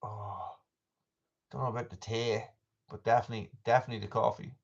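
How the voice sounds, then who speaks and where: A man's voice: on the low side, fairly even intonation, a little fast, vocal fry, lo-fi sound. Rambling chatty man. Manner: chatty, rambling, lots of restarts and asides. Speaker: vlogger doing a live chat. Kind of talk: casual rambling live stream chat.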